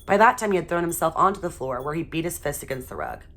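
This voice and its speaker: A woman teacher reading a children's chapter book aloud in a steady, expressive way. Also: sits low, quick pace.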